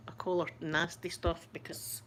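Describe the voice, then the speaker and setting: The background is noisy as this Scottish woman, an ASMR host, casually rambles to her live-stream viewers and laughs often. Her voice sits on the low side, delivered flatly at a moderate pace.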